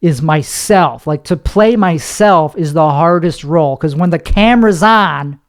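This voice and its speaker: A man's voice: on the high side, unhurried. A young man hosting a podcast, rambling through a confessional monologue, swearing and mocking himself. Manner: rambling, self-mocking, profane, slips into put-on voices. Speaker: podcast host, comedian.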